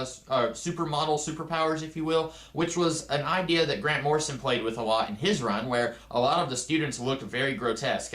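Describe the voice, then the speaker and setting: A man's voice: mid-range voice, a bit bright, roomy sound. A man giving a casual, rambling comic book review with many asides and fillers.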